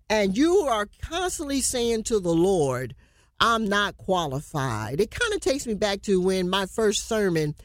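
Woman preacher, fervent, slows way down for scripture, dry close sound. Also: medium pitch, no room sound. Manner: fervent, exclaims praise phrases. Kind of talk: sermon with scripture reading.

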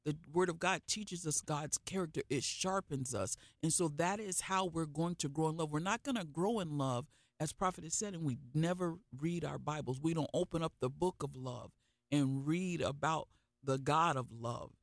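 Man, faith broadcast minister: fervent, repetitive preaching style, somewhat high voice. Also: normal speed, no room sound, studio quality. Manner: fervent, emphatic, repeating phrases for effect.

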